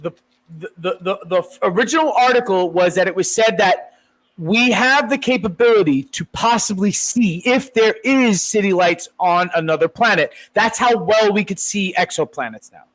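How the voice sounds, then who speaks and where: A podcast co-host, talking in excitable, crude, casual banter. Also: male voice, high-pitched, moderate pace, poor audio. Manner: excitable, swears often, laughs loudly.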